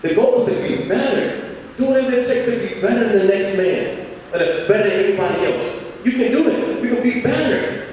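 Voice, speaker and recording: A man's voice: sits high, fairly quick, a little mellow, a little hiss or hum. A young man giving a repetitive, exhorting motivational speech to students. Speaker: student speaker. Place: large hall. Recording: echoey hall from far off.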